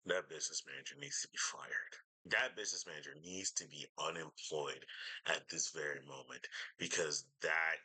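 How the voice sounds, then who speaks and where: A man's voice: extremely low pitch, pushed and bright, husky, poor audio. A man reacting casually to a clip, blunt, incredulous and swearing freely. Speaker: reaction streamer.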